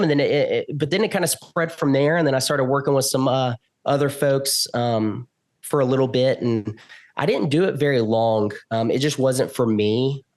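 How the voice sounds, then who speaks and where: A man telling a story as a podcast guest, acting out the quoted lines with big jumps in pitch. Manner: animated, acts out quotes with loud jumps in pitch. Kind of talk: casual storytelling.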